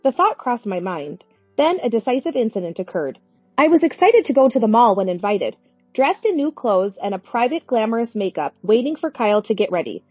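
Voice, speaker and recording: A woman's voice: fairly high pitch, sing-song, fairly quick, breathy edge, no room sound, faint music behind. A woman in her forties narrating a story in an earnest, plaintive way. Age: 40s. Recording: dry, dull lo-fi recording.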